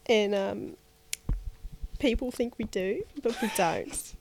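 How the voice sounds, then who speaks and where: A woman's voice: medium pitch, slow pace, noisy background. A woman with a cold-congested voice, a podcast guest chatting with sarcastic, chaotic humor. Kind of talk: casual chat.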